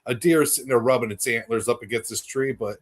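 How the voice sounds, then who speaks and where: A man hosting a casual podcast interview, talking in a relaxed, frank way with casual swearing. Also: mid-range voice, quick pace. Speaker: podcast host.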